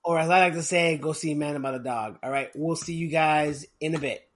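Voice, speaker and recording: High-voiced joking podcast co-host man. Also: fairly quick, loud music behind the voice. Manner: joking, rambling, laughs often. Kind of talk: casual chat.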